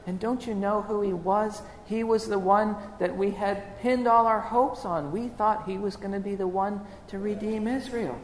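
A man's voice: high-pitched, fairly even intonation, moderate pace, hardly any pauses, a little hiss or hum, pitched above the performer's own voice, close to an everyday voice. A man preaching in the voice of a grieving, devoted woman disciple, speaking emotionally in the first person. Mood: anguished. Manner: emotional first-person retelling, rising to anguished pleading. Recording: echoey hall with long reverb.

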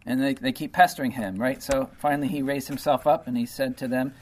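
A man's voice: mid-range voice, fairly even intonation, a little fast. A man preaching a sermon in a conversational way, reading scripture and explaining it with lots of "okay" and "you know".

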